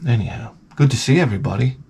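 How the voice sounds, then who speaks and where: A middle-aged man, rambling through a casual vlog story. His delivery is profane and sarcastic, with plenty of restarts, and his pitch sits in an ordinary middle range. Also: fast, creaky, warm tone, slight background noise. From Long Island, New York. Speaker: vlogger.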